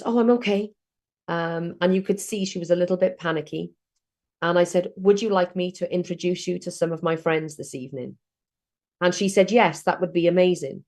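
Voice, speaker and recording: Woman, middle-aged, chatty storyteller, slightly low voice. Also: a little mellow. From South Wales. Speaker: networking trainer. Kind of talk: online training session.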